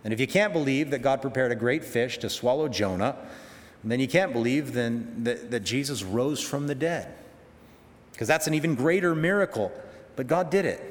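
A man's voice: mid-range voice, lively intonation, normal speed, big-room sound. A man preaching a sermon, conversational and emphatic, full of rhetorical questions.

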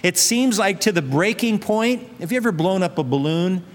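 In a large hall with long reverb, a man preaches earnestly, repeating phrases and posing rhetorical questions to press his listeners. His voice sits high and sounds animated, moving at a moderate pace.

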